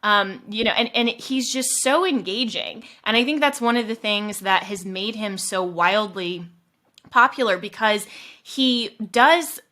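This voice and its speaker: Animated bright-voiced woman host. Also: medium pitch, unhurried. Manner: animated, laughing often. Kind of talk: interview conversation.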